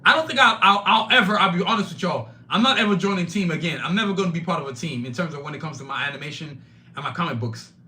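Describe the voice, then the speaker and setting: A man's voice: a little high, animated, quick pace, bright, forceful tone. A man hosting his own live-streamed podcast, talking emphatically and bluntly, with frequent profanity, straight to his chat. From Nigeria. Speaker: podcast host.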